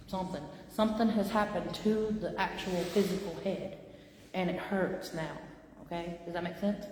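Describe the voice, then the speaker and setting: A woman with a fairly low voice gives a relaxed language lesson and keeps asking "right?" and "okay?" as she goes. She draws out words slowly and with exaggeration so learners can catch every sound. The room is very echoey, with a long reverb trailing her voice. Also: background noise. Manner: conversational, checks in with "right?" and "okay?"; stretches out words slowly and with exaggeration to teach pronunciation. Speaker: language teacher. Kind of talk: casual spoken language lesson.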